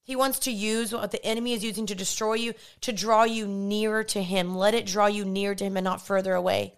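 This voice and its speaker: A young woman hosts a faith-based podcast, delivering a monologue in a smooth, mid-range voice with a steady tone at a slightly fast pace. She speaks passionately and emphatically, repeating herself often.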